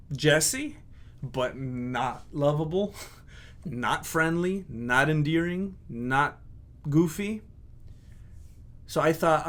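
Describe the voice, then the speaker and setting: A man speaking in a slightly higher-than-usual register, looking back on his own videos. He talks candidly and criticizes himself, stopping and restarting as he thinks aloud. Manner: candid, self-critical, hesitant. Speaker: video creator. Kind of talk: casual reflective commentary.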